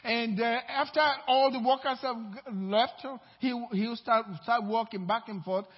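A male pastor preaching a sermon, emphatic, swinging between loud declarations and low asides, in a dull, reverberant church hall recording. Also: steady tone, measured pace. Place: church sanctuary.

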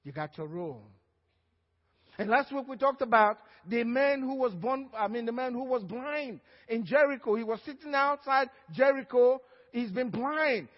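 A male pastor preaching a sermon in church, emphatic, often calling for an amen. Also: very high-pitched. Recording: dull, echoey church hall.

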